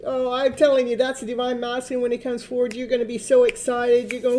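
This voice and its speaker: Chatty woman reading tarot, mellow voice. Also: on the high side, flat delivery, fast, hardly any pauses. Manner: chatty, laughing often, coaxing her dog. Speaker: tarot reader.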